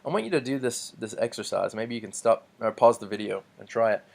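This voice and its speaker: A lower-pitched man talks through a lesson in a relaxed, explanatory way. His speech is loose and unscripted, full of ums and restarts as he works through his points. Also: a little fast, gravelly. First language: English. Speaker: teacher. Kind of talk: recorded classroom lecture.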